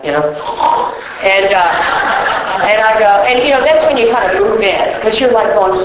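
A woman's voice: mid-range voice, lively intonation, a little slow, pauses often, over a noisy crowd. A woman speaking at a recovery meeting, telling her story in a blunt, profane and rambling way to a room full of people. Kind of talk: personal testimony talk. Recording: echoey room with faint noise.

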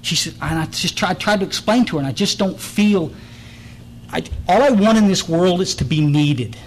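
A man's voice: high voice, moderate pace, a little hiss or hum, low-quality recording. A middle-aged man from the Texas Hill Country, giving a blunt, earnest personal testimony at a recovery meeting, often restarting and repeating words.

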